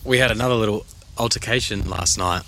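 A man's voice: on the low side, fast talker, background noise. A young man, co-hosting a casual podcast chat in a laid-back, slangy way. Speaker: podcast co-host.

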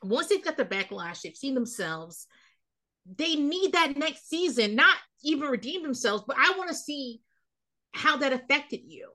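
A woman's voice: sits high, very animated, unhurried, sharp tone. A woman hosting a podcast, chatting casually about a reality show in a blunt, profane, ranting way. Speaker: podcast host. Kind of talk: casual reality-TV recap chat.

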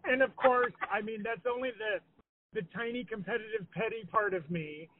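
A man's voice: high-pitched, normal speed, a little hiss or hum. A man on a phone call, rambling in a casual, self-deprecating way. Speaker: caller. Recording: tinny phone line.

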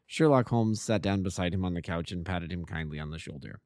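Low-voiced man narrating a detective tale. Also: brisk, hardly any pauses, a little mellow, dry recording, clean studio sound. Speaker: amateur audiobook narrator. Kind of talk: reading a classic detective story.

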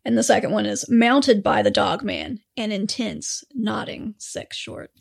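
Chatty, gravelly woman podcast host. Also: mid-range voice, expressive, measured pace. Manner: chatty, rambling, swears freely. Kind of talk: casual chat.

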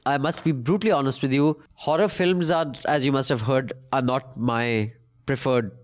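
A man's voice: medium pitch, moderate pace. Joking Indian man hosting a podcast. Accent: Indian English. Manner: irreverent, swears, mixes Hindi phrases. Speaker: podcast host. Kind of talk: casual banter and reading listener mail.

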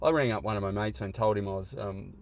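Middle-aged man, fairly low-pitched, earnest and halting, a reflective podcast guest. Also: gravelly. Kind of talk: candid conversation. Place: car park.

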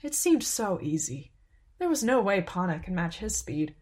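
Calm woman reading a story, low voice. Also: normal speed, slightly rough. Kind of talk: scripted narration.

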